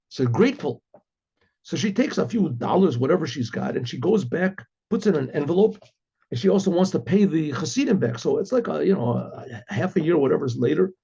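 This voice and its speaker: A man with a fairly high, husky and gravelly voice tells a story as a rabbi. He acts out the voices of the figures in an animated way and keeps clearing his throat. The recording is dull and lo-fi. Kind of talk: storytelling narration.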